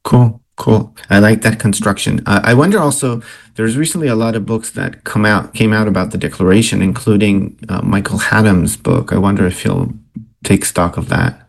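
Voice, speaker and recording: A man's voice: fairly low pitch, moderate pace, vocal fry. A man hosting an interview, giving brief, agreeable prompts and asking questions. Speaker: interview host. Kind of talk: casual interview.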